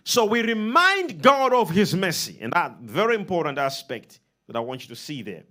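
High-pitched, animated preacher man. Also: moderate pace. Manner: emphatic, swings between loud and soft. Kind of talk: sermon with call-and-response.

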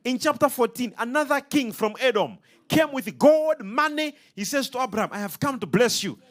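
A man's voice: extremely high pitch, expressive, moderate pace. A man preaching a sermon, emphatic and rhythmic, throwing questions out to his congregation.

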